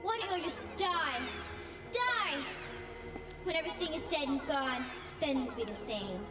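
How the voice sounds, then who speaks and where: A woman's voice: high-pitched, animated, a little slow. A woman voicing a bitter, vengeful ghost girl in a video game cutscene, scornful and cursing. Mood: raging. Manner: bitter, scornful, rising to screamed threats. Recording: echoey, distant, loud music behind.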